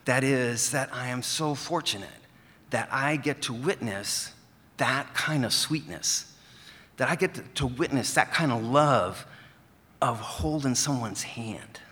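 A man telling a personal story on stage, earnest and gentle. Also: medium pitch, measured pace, in a large hall. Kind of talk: live storytelling.

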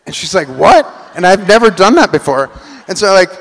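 A man telling a personal story on stage, animated, acting out the voices of people in it. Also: sits high, fast talker. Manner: animated, acts out quoted voices. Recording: long hall reverb.

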